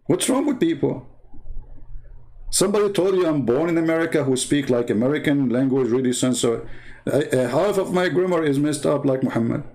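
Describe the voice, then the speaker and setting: Speaking with a higher pitch, vocal fry, and a darkish tone, this religious debate commentator from the Middle East delivers a mocking, sarcastic rant. His English is broken, and he has an Arabic accent.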